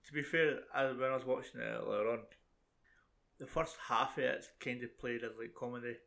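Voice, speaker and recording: A young man co-hosting a relaxed film chat, swearing casually as he recalls watching the movie. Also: mid-range voice, brisk, creaky. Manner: sweary, laid-back. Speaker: podcast co-host.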